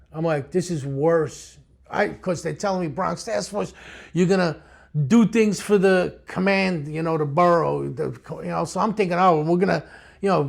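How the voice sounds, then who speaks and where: Gravelly blunt New man, older. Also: fairly high pitch. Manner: streetwise, blunt, animated storyteller. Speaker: retired police detective. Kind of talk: storytelling interview.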